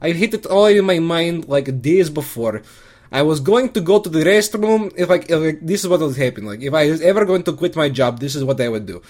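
A man's voice: a little high, expressive, fairly quick, a little mellow. A man delivering a comedic first-person monologue, rambling and crude, with lots of restarts.

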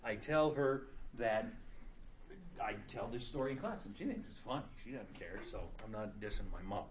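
A man's voice: fairly low pitch, normal speed, slight background noise. A middle-aged man teaching a class, lecturing casually and telling stories with jokes. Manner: casual, joking storyteller.

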